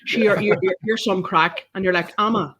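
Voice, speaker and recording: A woman's voice: medium pitch, moderate pace, slightly rough. A Northern Irish woman, a photographer guest on a podcast, telling stories in casual chat and swearing freely. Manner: animated storytelling, swears freely.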